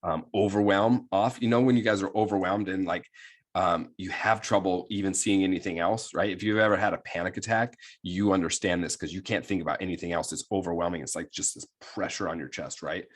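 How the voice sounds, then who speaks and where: A man's voice: sits low, steady tone, a little fast. A man coaching on self-sabotage in a casual, rambling talk full of fillers and "right?" checks, sometimes coarse and plain-spoken. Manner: rambling, many fillers and tag questions.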